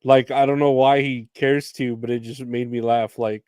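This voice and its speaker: A man co-hosting a casual podcast chat, laid-back and quick to laugh. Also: medium pitch, level tone, darkish tone, clear, resonant tone, no room sound, studio quality. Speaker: podcast co-host.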